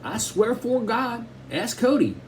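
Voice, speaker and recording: A man's voice: extremely high pitch, big pitch swings, measured pace, slight background noise, voice pushed up, full character voice. A man reading an audiobook, voicing a friendly, talkative country boy with an Arkansas drawl. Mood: playful. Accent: Southern US, Arkansas. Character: friendly chatty country boy from the rural South. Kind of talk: audiobook character voice.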